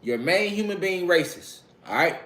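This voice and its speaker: A man's voice: sits high, lively intonation, a little slow, a bit bright. A man giving a casual spiritual lecture, preaching to his listeners, repeating phrases and calling them family. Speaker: spiritual talk host.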